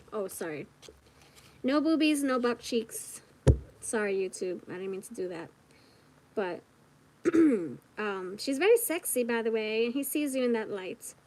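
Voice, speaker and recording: A woman giving a casual tarot reading straight to the viewer, chatty and giggly, thinking out loud as she goes. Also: mid-range voice, noisy background. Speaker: tarot reader.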